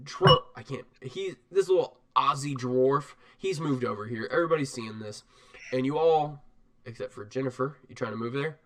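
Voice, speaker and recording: A man narrating as game master of a tabletop game, animated and rambling, laughing often. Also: medium pitch, moderate pace.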